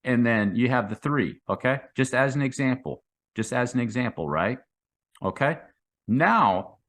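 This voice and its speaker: A middle-aged man hosting a crypto trading channel casually explains chart patterns to viewers in a mid-range, slightly bright voice. His explanation is loose and repetitive, tagging lines with "okay?" and "right?", and he restarts and repeats phrases while sketching on a chart.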